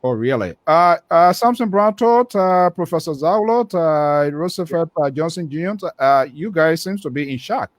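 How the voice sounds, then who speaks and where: A man speaking on a radio panel, measured and hesitant with frequent fillers. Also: a little high, expressive.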